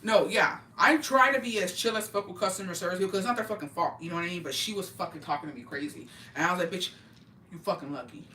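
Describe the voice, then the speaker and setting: A young woman from Oaxaca, Mexico, chatting casually and profanely with her live-stream viewers in an animated, slangy way. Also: fairly low pitch, quick pace, few pauses, slight background noise. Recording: roomy, mic at a distance.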